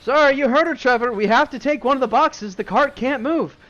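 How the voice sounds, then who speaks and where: Male DM plays a raised-voice bandit leader, pushy and loud, tabletop game. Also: extremely high pitch, fairly quick, muffled recording, pitched above the performer's own voice. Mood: bossy. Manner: bossy, shouting.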